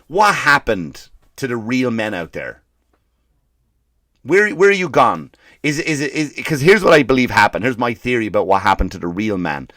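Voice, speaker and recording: Man, comedian, podcast host, profane rant, animated, mid-pitched voice, dry close sound. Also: moderate pace, no echo. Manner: profane, animated ranting with mimicked quotes.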